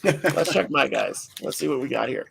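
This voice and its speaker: A man hosting a casual livestream, relaxed, reading out viewer questions and moving between guests. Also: mid-range voice, moderate pace, creaky, slight background noise. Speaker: livestream host.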